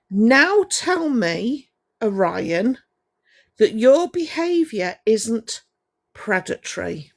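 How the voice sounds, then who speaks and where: A woman ranting on a livestream, her voice gravelly with vocal fry. She speaks slowly and deliberately, scolding someone and breaking off to greet viewers by name. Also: a little high, big pitch swings. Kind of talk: ranting livestream monologue to chat.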